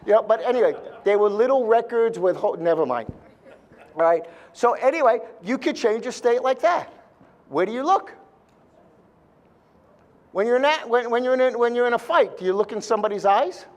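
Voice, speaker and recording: A man's voice: extremely high pitch, expressive, moderate pace, darkish tone. A man speaking live to a seminar audience, blunt and joking, with mild swearing.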